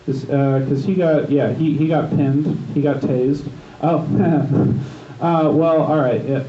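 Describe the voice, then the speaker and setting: This stand-up comedian has a steady, slow delivery and a voice on the high side. Playing an open mic in a gym bar, he rambles through a profane story, restarting and losing his thread, captured in an echoey, distant, dull room recording.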